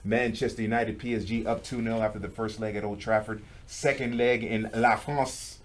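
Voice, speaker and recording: Man, sports show host, slightly low pitch, relaxed, joking, reads viewer comments. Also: a little fast. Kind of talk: casual football talk.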